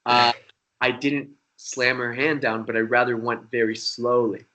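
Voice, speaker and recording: Bright-voiced young man telling a story. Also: mid-range voice, a little slow. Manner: profane, rambling, animated. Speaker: magician guest. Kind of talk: casual storytelling.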